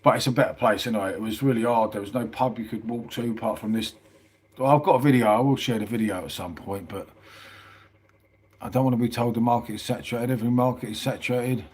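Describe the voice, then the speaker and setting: A man's voice: mid-range voice, quick pace, darkish tone, husky. A middle-aged man, chatting casually on a live stream, reading out viewer comments and calling everyone mate. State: tired. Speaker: livestream host.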